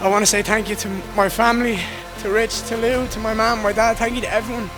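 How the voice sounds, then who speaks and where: A man's voice: sits high, flat delivery, fast talker, over music. A young Irish man in his twenties, a fighter giving an emotional, heartfelt post-fight interview full of swearing. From Ireland. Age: 20s.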